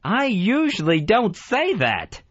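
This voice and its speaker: A man's voice: high voice, huge pitch swings, takes it slowly, fairly bright tone, dull audio. A man co-hosting a talk radio show, sheepish and mild as he explains himself. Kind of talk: casual talk radio banter.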